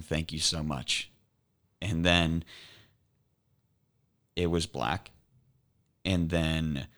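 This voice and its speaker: A very low-voiced young man speaks as a podcast guest, slowly and earnestly recounting a personal ordeal. He halts and restarts his sentences as he goes. His tone is deep and grounded. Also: a bit bright. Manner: earnest, halting retelling with repeated restarts. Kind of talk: emotional personal storytelling.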